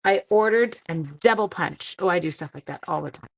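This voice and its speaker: A woman's voice: on the low side, a little fast, gravelly. A woman hosting a casual craft demonstration live stream, chatting with her viewers and reading their comments in a friendly, self-deprecating way.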